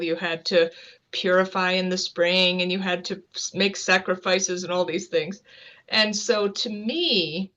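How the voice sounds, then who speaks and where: Interview guest: American woman, low-pitched, rambling and quick, on a video call. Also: a bit bright. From United States. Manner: fast, rambling, earnest. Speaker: guest author and scientist. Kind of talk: casual interview talk.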